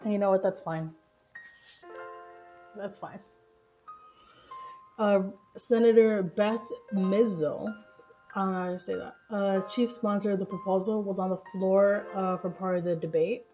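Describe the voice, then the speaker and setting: A woman's voice: medium pitch, steady tone, unhurried, long pauses, mellow, faint music behind. A woman streamer reacting to news stories live, ranting heatedly with lots of swearing and laughter, over choppy stream audio.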